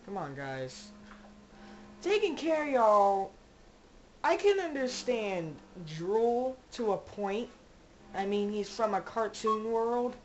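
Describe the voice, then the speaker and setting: Slow-talking woman chatting through a game. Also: medium pitch, big pitch swings, lo-fi sound, slight background noise. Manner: rambling, joking, talks to her game characters. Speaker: gamer playing a zombie survival game. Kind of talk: casual let's-play commentary.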